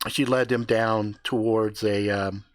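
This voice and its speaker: A man's voice: on the low side, fairly even intonation, slow, dry recording. A man improvising a crude story on a live stream, swearing freely, laughing and acting out the characters' lines.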